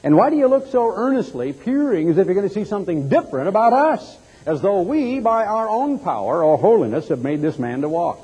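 A man's voice: high voice, sing-song, brisk, hardly any pauses, warm tone, slightly rough, highs cut off. A man preaching a sermon, retelling a scripture story dramatically and acting out the quoted voices. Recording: long hall reverb.

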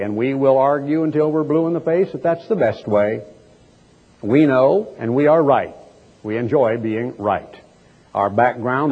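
Man preaching, big dramatic swings up and down, dull muffled recording. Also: husky. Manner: dramatic storytelling with big swings in pitch and pace. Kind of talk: sermon. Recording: dull lo-fi, long hall echo.

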